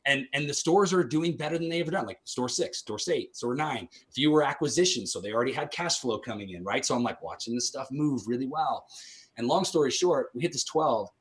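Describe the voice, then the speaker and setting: A man in his thirties, an entrepreneur guest on a podcast, telling his story in an animated, energetic way and laughing often between asides. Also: mid-range voice, brisk.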